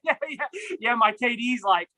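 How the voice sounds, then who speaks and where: A man's voice: high voice, moderate pace, sharp tone, poor audio. A young man co-hosting a casual sports podcast, rambling with many restarts and repeated words. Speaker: podcast co-host.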